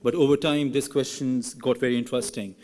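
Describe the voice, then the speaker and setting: A man's voice: mid-range voice, little pitch movement, brisk, a little mellow. A young man, a graduating student, giving an earnest and teasing ceremony speech at a podium microphone in a large hall. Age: young adult. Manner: earnest, then playfully teasing classmates. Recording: reverberant hall.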